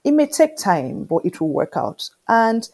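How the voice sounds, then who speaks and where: A woman, an animated storyteller in an interview who keeps asking whether you understand. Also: mid-range voice, measured pace, vocal fry. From Nigeria. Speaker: interview guest. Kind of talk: conversational interview.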